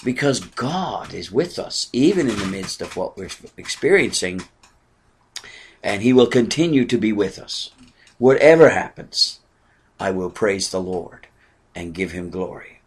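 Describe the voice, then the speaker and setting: Older male preacher, earnest sermon delivery, soft asides and ringing exclamations. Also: fairly low pitch, very animated, a little slow, slightly rough. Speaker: pastor.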